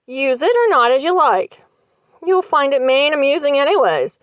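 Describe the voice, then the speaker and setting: A sly old countrywoman, as a woman reader puts her on, chuckles through her rustic dialect in a raised, lively voice. She speaks confidingly, as if sharing a private joke. The reading sounds close and dry. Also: high voice, moderate pace, dry recording, voice pushed up.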